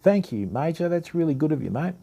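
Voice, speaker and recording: The voice is on the high side, gravelly and warm with a breathy edge, swinging widely in pitch and moving a little fast. It belongs to a middle-aged Australian-accented man from Western Australia who hosts a fishing channel, chatting matily to live-stream viewers as he works on reels.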